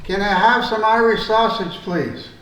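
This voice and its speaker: A man's voice: sits high, unhurried, fairly bright tone, pitched above the performer's own voice. An older man voicing an indignant, argumentative Irishman at a store counter in a told joke. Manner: indignant, insistent, rising. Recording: roomy room, mic far off.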